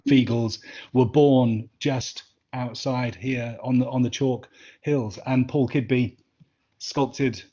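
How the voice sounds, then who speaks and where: A man's voice: medium pitch, darkish tone. An Englishman talks through his answers in a loose, rambling way, stumbling over words and circling back to restart. The sound is dull and muffled, as over a video call. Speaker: interview guest, former assistant. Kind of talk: casual interview answers.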